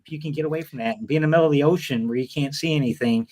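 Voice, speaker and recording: American dude telling a story on a podcast, loose and animated, cusses a bit. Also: male voice, on the high side, rapid-fire. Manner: animated storyteller, swears freely. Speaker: podcast guest. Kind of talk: casual chat.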